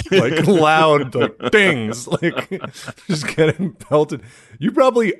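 A man co-hosting a comedy podcast, chatting casually, laughing often and slipping into silly impressions. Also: a little high. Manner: laughs often, does goofy impressions mid-story. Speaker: podcast co-host.

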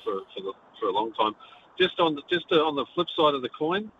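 Laughing Kiwi caller on a dull line. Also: male voice, mid-range voice, big pitch swings, fast talker, a bit bright, a little hiss or hum. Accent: New Zealand. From New Zealand. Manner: laughs often, rambling, repeats himself. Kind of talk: casual phone-in chat. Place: in transit.

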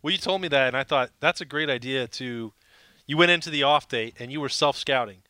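Brief: male sports podcast regular, keen and analytical, crisp, bright tone, close dry mic. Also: medium pitch, fairly quick, dry recording. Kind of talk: casual sports podcast chat.

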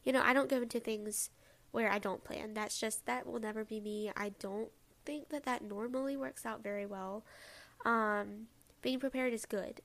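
Her voice is on the high side and creaky. She's a young woman rambling casually on her solo podcast, full of asides.

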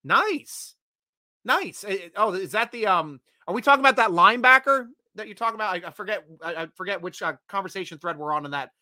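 A man's voice: sits high, fairly quick, no echo. A man hosting a casual sports fan livestream, chatting energetically and reading out viewer comments. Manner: energetic, chatty, bursts of loud excitement.

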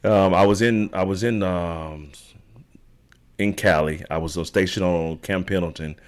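Really low voiced guy, middle aged, chatty and rambling, keeps saying right?. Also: a little slow, clear, resonant tone. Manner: rambling, animated, frequent "right?" tags. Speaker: podcast guest, triathlete. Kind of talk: casual storytelling interview.

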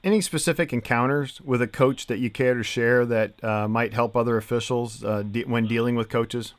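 A man's voice: mid-range voice, steady tone, moderate pace, no room sound. A man hosting a referee podcast, asking a guest questions in a friendly, teasing way. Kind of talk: podcast interview.

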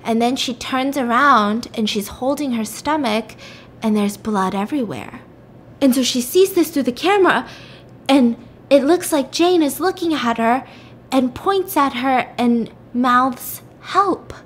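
A young woman with a voice pitched a little high tells a story to her listeners. She talks casually and stays animated, acting out the characters' lines and throwing in playful swears. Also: measured pace, a little hiss or hum. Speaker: podcast host.

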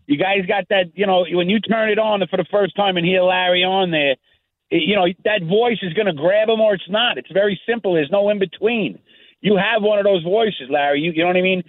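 A man's voice: high voice, brisk, no echo. Male radio caller, gushing and casual, thin phone-line sound. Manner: enthusiastic, casual, repetitive. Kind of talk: call-in chat.

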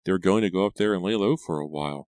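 A man's voice: sits low, fast talker, darkish tone, no room sound, clean studio sound, voice pushed up, lightly acted. A man voicing a frightened, shaky teenage girl in an audiobook, stammering and fretful. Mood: tearful.

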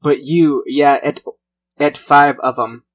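A gruff frontier judge, as a man puts him on, roaring his words in a thick, put-on Irish-pirate brogue. He stretches each phrase slowly and theatrically, pitched up from the man's everyday voice, loud and blustering. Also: fairly even intonation. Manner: bellowing, theatrical, drawn-out.

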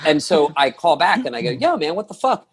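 A man's voice: on the high side, sing-song, fairly quick, a little hiss or hum. A man telling a long story as a podcast guest, rambling with many restarts and acting out the quotes. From lives in New York. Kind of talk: casual storytelling.

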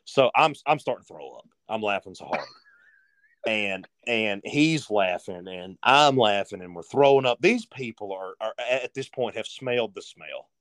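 A man's voice: lowish voice, animated, normal speed, fairly bright tone, no echo, studio quality. A man telling a rambling story as a guest on a casual podcast.

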